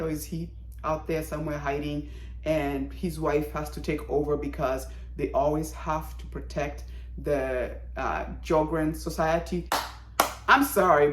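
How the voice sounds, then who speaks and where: This is a woman recording a casual review vlog, excited and exclamatory, slipping into characters' lines as she goes. Her voice sits on the low side. The room around her is echoey. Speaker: TV drama reviewer.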